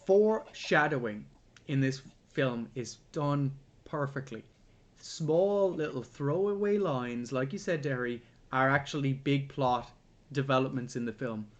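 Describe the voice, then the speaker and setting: A man's voice: mid-range voice, a little slow, muffled recording. A man co-hosting a podcast, chatting casually about a film, swearing and acting out scenes. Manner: animated, swearing, acts out scenes. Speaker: podcast co-host. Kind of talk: casual film review chat.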